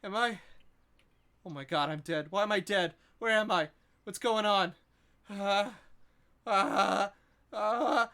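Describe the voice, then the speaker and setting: A man's voice: high voice, slow, creaky, long pauses, pushed and bright, clear, resonant tone, voice pushed up, exaggerated voice. A panicked boy's ghost. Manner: frantic, stammering questions. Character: panicked ghost of a young boy, confused.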